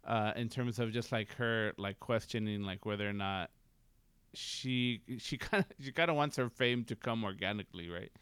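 A man with a smooth, lower voice talking casually about a film and summing up its plot. He is recorded close and dry. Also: moderate pace, fairly bright tone, no echo. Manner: easygoing, agrees often, laughs along. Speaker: podcast co-host. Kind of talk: casual movie rewatch chat.

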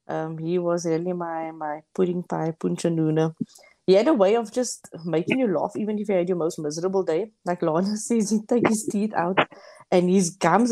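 A woman's voice: fairly low pitch, poor audio. A South African woman, a guest, telling family stories with laughter. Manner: lively, laughing as she recalls family. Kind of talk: casual storytelling.

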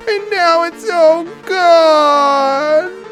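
A narrator voicing Baby Bear, a small whiny bear cub, with a high wailing voice close to tears, in a storybook read-aloud. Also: animated, very slow, creaky, sharp tone, soft background music, full character voice. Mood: upset.

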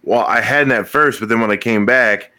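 A man's voice: mid-range voice, normal speed, sharp tone. A man in casual chat who tells what happened step by step, bluntly and with some swearing.

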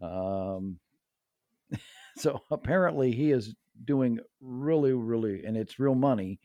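Slow-talking, easygoing man. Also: medium pitch, no echo, dull audio. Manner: relaxed, chuckling, agreeable. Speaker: podcast co-host. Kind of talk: casual chat reading odd news.

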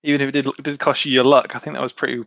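A man's voice: medium pitch, little pitch movement, very fast, gravelly, no echo. Hesitant tabletop player, man, muffled dry recording. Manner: hesitant, trailing off. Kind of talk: casual chat during a tabletop game.

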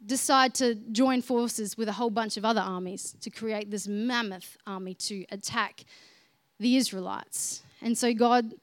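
A woman's voice: a little high, fairly even intonation, unhurried, dry recording. A woman preaching a conversational sermon, chatty and informal, speaking directly to her listeners.

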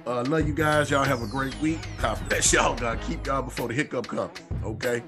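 A man's voice: medium pitch, moderate pace, music in the background. Laid-back man hosting a podcast. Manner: loose, laid-back, with blessings and prayer talk. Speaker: podcast host. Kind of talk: casual podcast chat.

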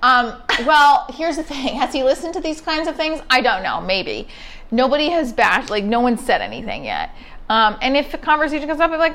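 A woman comedian telling stories as a podcast guest, talking fast and dramatically and acting out the people she quotes. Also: sits high, very animated, fairly bright tone. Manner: rapid, dramatic, acts out quotes with big swings. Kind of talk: animated storytelling chat.

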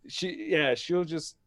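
A man in his thirties, a guest on a casual podcast, telling rambling, excitable stories with many restarts. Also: fairly high pitch. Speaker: podcast guest, toy collector. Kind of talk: casual chat.

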